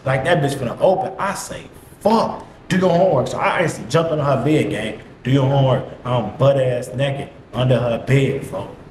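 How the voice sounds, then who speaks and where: A man's voice: medium pitch, brisk, hardly any pauses, a little mellow. A young man telling a story in a casual, slangy, profane monologue full of repeated catchphrases. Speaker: vlogger. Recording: echoey room, faint hiss.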